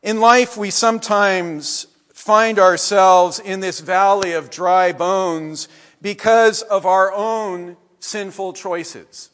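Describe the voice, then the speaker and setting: High-voiced preacher in a reverberant church. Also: male voice, fairly even intonation. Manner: measured preaching, trailing off softly at phrase ends. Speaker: pastor. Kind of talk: sermon. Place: church sanctuary.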